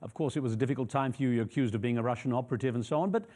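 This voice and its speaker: A male news interviewer asks probing questions at a quick pace. His voice is mid-pitched, and he drops in casual fillers as he lines up each question. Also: mellow.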